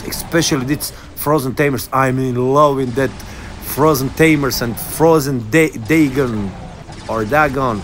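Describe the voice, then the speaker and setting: Excitable guy doing gameplay commentary at home, laughs a lot, talks slowly. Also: fairly high pitch, slight background noise. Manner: excitable, laughs often, keeps addressing viewers. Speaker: gamer commentating his own match. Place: at home, son in the room.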